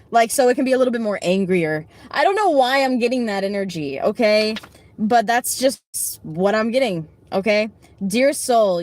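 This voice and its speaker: A woman in her late twenties chatting casually on a live stream, giving card readings, blunt and swearing freely with quick asides. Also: mid-range voice, a little mellow. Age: late 20s. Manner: blunt, heavy swearing, talks back to chat.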